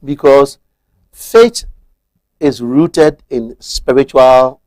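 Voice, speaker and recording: A man's voice: medium pitch, moderate pace, a little mellow, dry recording. Ghanaian male guest, methodical legal explainer, mid-range voice, dry studio sound. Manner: methodical, switches between Twi and English. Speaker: guest explaining marriage law. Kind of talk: explanatory TV talk-show discussion.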